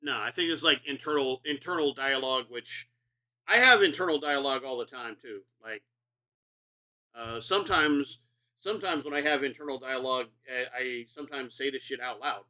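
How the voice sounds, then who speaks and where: A man's voice: mid-range voice, moderate pace, pushed and bright. A middle-aged man streaming a video game, rambling and profane in casual commentary, self-mocking as he talks.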